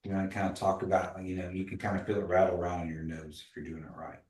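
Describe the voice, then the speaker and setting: A man's voice: deep voice, flat delivery, quick pace, darkish tone. Patient man teaching language class. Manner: patient, models pronunciation, tells anecdotes. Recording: echoey room, voice from a distance.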